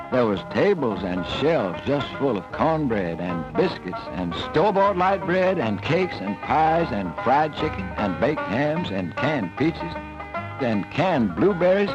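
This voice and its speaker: A man's voice: mid-range voice, big pitch swings, slow pace, over music. Folksy male storyteller, dull old film sound. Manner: folksy, homespun drawl. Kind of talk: folk tale storytelling.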